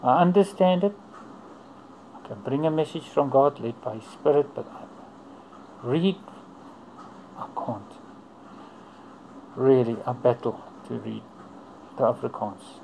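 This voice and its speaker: A man telling a personal faith testimony in an earnest, unhurried way, in short broken phrases. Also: mid-range voice, gravelly, warm tone, slight background noise, poor audio. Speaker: churchgoer giving testimony.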